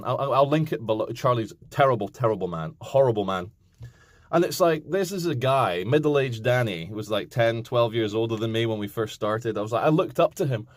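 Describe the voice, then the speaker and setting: A man's voice: medium pitch, moderate pace, no room sound. A man in his thirties rants casually to his camera, swearing and slipping into mocking impressions. His voice sits in a middle register. The sound is close and completely dry. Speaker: vlogger.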